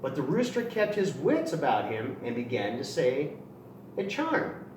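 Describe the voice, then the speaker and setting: A man reads a children's story with lots of expression, his high voice swooping up and down. The recording is roomy and distant. A faint background hum sits under his voice. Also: huge pitch swings, unhurried. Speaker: storybook reader for a kids' outreach channel. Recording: roomy echo, distant mic, faint noise.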